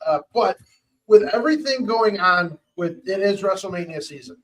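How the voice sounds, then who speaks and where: A man's voice: high-pitched, expressive, moderate pace, a bit bright, low-quality recording. A man hosting a podcast in casual chat, talking loosely and restarting his words often. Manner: chatty, repeats words as he restarts. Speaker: podcast host.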